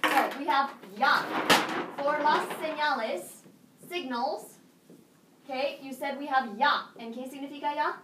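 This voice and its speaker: A woman teaching a high school Spanish class, drilling students with call-and-response prompts in English and Spanish. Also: unhurried. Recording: echoey classroom from far off, faint noise.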